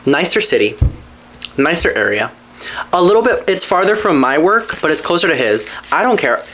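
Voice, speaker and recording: Candid, profane podcast host rambling. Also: moderate pace. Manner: animated, jumps between low mutters and excited highs. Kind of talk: casual storytelling chat.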